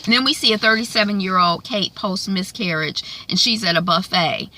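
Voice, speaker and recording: A woman's voice: mid-range voice, brisk, sharp tone, slight background noise. A woman giving a chatty, rambling recap of a TV episode, full of fillers like "um" and "like". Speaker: TV show recapper.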